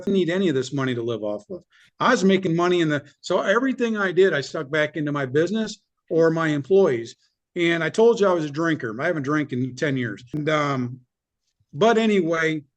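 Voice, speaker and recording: Middle-aged man guest, blunt, animated storyteller with a somewhat high pitch. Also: fairly quick. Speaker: business owner guest. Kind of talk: candid storytelling interview.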